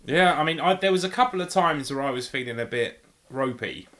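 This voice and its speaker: A man's voice: mid-range voice, lively intonation, a little fast, fairly bright tone. A man, co-hosting a podcast in casual chat, laid-back, with dry quips and short replies. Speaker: podcast co-host.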